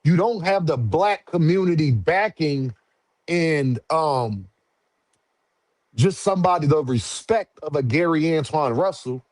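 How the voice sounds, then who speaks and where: Here the voice is fairly high and a bit slow, with no room sound at all. A man streams boxing talk in thick slang, lively throughout, replying to comments from his chat as they come in.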